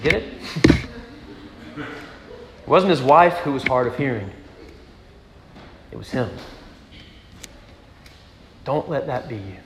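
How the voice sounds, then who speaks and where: A pastor preaching a sermon to his congregation, earnest, moving between strong emphasis and hushed rhetorical questions. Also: medium pitch, sing-song, slow, pauses often. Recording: echoey hall with background noise.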